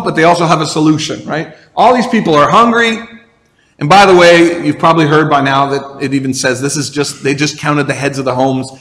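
A man with a high voice delivers a sermon as a pastor. He talks conversationally, breaking off for asides and restarting phrases. His voice carries a long reverb, as if filling a large hall. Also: fairly bright tone.

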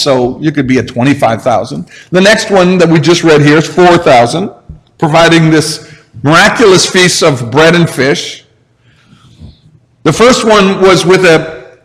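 A man in his forties preaches in a relaxed, conversational way and often puts questions to the listeners. His voice sits a little high for a man. A long reverb of a large hall trails each phrase. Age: 40s. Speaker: pastor. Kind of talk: sermon.

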